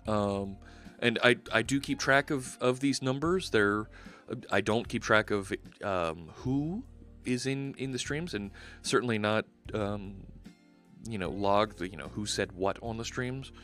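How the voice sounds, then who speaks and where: A man's voice: fairly low pitch, a little slow, a bit bright, soft background music. A man hosting a live coding stream, chatting casually and upbeat, rambling and restarting his sentences. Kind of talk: casual livestream chat while coding.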